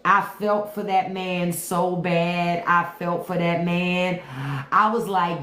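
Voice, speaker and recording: A woman hosting a casual livestream, talking in an animated, profane way and repeating lines for emphasis. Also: on the low side. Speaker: livestream host. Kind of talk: casual livestream chat about movies. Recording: echoey room.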